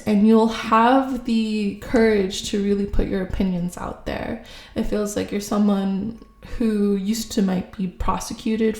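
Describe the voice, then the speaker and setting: A woman giving a casual intuitive tarot reading to camera, musing slowly with many fillers and hesitations. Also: mid-range voice, warm tone. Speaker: tarot reader. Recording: echoey room.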